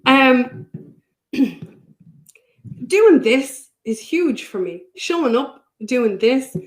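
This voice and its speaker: A woman speaking a touch high, quick to laugh and to tease. She comes across as self-deprecating and a bit worn out, as if run down, in a casual podcast chat. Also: animated, poor audio. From Ireland. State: unwell, tired. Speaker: podcast guest. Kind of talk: casual conversation.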